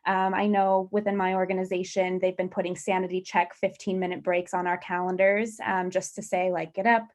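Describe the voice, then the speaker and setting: A woman moderating a webinar panel discussion, upbeat and steering the questions. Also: on the low side.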